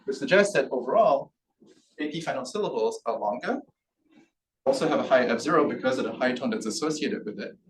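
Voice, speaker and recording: A man lecturing at a seminar, recorded from some way off the microphone in a lecture room. A soft background hiss sits under his voice. He explains carefully, with plenty of "um"s and quick "right?" check-ins. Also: medium pitch, lively intonation. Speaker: linguistics researcher giving a seminar talk. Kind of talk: academic lecture. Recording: distant mic in a room with faint background noise.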